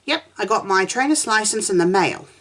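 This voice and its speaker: A woman voicing a sweet, cheerful girl of about twelve who squeals and giggles with excitement, read aloud from a story. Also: medium pitch, normal speed, voice pushed up.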